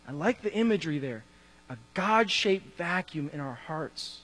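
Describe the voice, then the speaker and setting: Man, pastor, conversational sermon, acts out dialogue, high voice, long hall reverb. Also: expressive, normal speed, fairly bright tone, husky. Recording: reverberant hall with mains hum.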